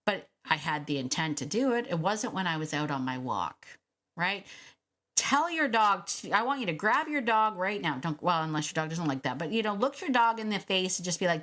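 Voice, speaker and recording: A woman hosting her own dog-training podcast, talking in a chatty, emphatic solo monologue with quick restarts and laughs. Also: fairly low pitch, animated, a bit bright.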